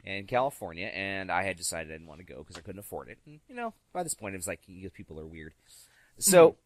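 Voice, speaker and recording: A man telling stories in a casual podcast chat, animated and acting out the voices of the people in them. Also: low voice, quick pace, slight background noise. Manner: animated, acts out quoted voices. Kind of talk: casual storytelling.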